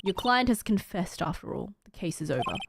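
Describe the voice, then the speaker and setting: A woman voicing a cold, curt woman prosecutor who speaks in a flat, dismissive way. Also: medium pitch, fairly quick, gravelly, noisy background, pitched below the performer's own voice.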